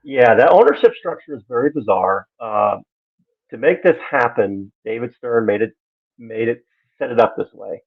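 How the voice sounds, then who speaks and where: A man giving casual live-stream sports commentary, animated and exasperated, acting out the voices he quotes. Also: mid-range voice, moderate pace, gravelly, husky. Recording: tinny phone-like line.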